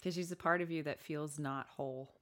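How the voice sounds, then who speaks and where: A man's voice: fairly high pitch, steady tone, fairly quick, a bit bright. A man from Atlanta co-hosting a podcast, talking reflectively and restarting his sentences as he thinks. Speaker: podcast co-host. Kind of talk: reflective casual chat.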